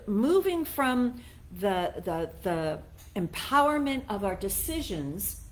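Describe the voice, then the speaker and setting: A middle-aged woman minister giving a conversational sermon, chatty and self-mocking, laughing at herself as she tells personal stories and acts out what others said. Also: on the high side.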